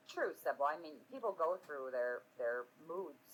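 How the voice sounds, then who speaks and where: A woman in her forties hosts a casual live stream. Her voice sits low and a little husky, but it swings widely as she rambles. She swears freely and makes fun of herself. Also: muffled recording. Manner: rambling, self-mocking, laughs often, swears freely. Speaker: streamer hosting a live podcast.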